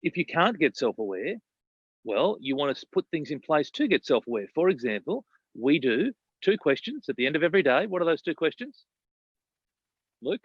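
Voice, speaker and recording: A man's voice: fairly high pitch, big pitch swings, a little fast, slightly rough, dry recording, muffled recording. A man, a business coach talking emphatically in casual podcast chat, often repeating himself and asking "right?".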